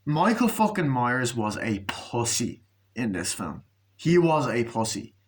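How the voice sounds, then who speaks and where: Man, casual movie rant, sweary, sarcastic, mid-pitched voice. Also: very animated, a little slow. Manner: sweary, sarcastic, acts out scenes in mocking voices. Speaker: movie reviewer.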